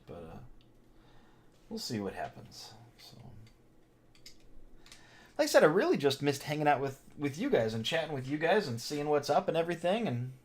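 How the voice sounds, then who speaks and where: A middle-aged man hosting a casual livestream from home, rambling in a chatty way, laughing often and muttering to himself as he builds. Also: medium pitch. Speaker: host of a theme park channel livestream. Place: his home.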